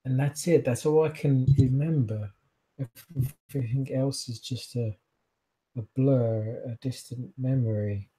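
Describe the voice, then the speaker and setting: A freshly turned vampire seer drifts through half-remembered visions in a dreamy, wandering drawl, as a man puts her on. She is dazed and ravenous, and her voice sits mellow and dark. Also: mid-range voice, fairly even intonation, a little slow, close to an everyday voice. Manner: drawling, dreamy, easily distracted. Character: newly turned female vampire prophet, dazed, hungry.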